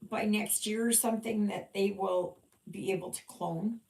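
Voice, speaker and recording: A woman's voice: mid-range voice, fairly even intonation, normal speed, vocal fry, darkish tone. A woman hosting a live stream, chatting casually while she stitches and often mumbling half to herself. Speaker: livestream host. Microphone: livestream mic. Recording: echoey room.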